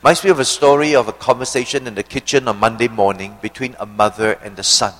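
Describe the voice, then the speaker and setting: A male preacher giving an expository sermon, asking rhetorical questions and slowing down to stress key phrases. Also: medium pitch, fairly bright tone, long reverb tail, poor audio.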